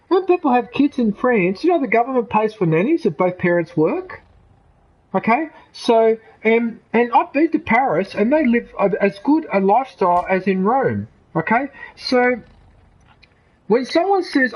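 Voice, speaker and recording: A man's voice: high voice, big pitch swings, fairly quick, husky, poor audio. A middle-aged Australian man, a gaming streamer, rambling in casual commentary, opinionated and swearing freely. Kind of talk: casual commentary over gameplay.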